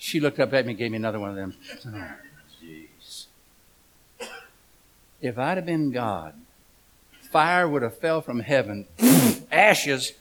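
A man's voice: medium pitch, lively intonation, measured pace, pauses often. A middle-aged man preaching a humorous storytelling sermon, folksy and joking, asking the congregation questions.

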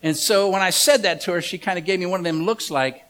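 A man's voice: high-pitched, sing-song, fairly quick, hardly any pauses, sharp tone. A middle-aged man preaching a humorous storytelling sermon, folksy and joking, asking the congregation questions.

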